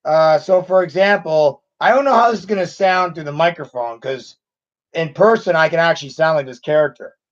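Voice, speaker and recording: A man hosts a casual livestream, talking in a halting way and chuckling often. His voice sits high. The sound is dull, as if through a cheap mic. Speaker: channel host on a livestream.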